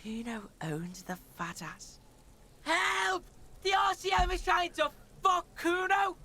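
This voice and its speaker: A woman's voice: extremely high pitch, lively intonation, slow pace, bright, forceful tone, full character voice. A woman voicing a crude, cocky boy street kid in a video game who taunts and mocks. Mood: mock shouting.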